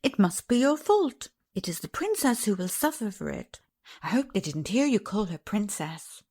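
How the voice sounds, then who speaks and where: A woman voicing a confident, cheerful young miner boy who speaks briskly and plainly. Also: medium pitch, big pitch swings, dark tone.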